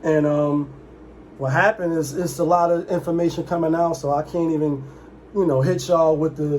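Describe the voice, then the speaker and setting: Under a faint hiss of room noise, a young commentary host with a slightly higher voice rambles casually through his vlog. His delivery is animated and loose, full of asides and quick impressions.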